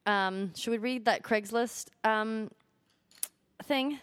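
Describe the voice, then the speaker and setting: A woman's voice: a little high, slow pace, a bit bright, clear, resonant tone, no room sound. A woman co-hosting a casual podcast, playful and giggly. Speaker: podcast co-host. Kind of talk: casual chat.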